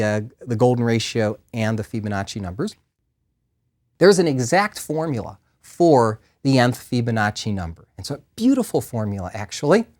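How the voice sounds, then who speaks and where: Middle-aged male professor, playful lecture delivery, pitch swinging up and down a lot. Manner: lively, playful, enthusiastic. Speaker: math professor. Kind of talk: recorded lecture. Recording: compressed 2000s DVD lecture audio.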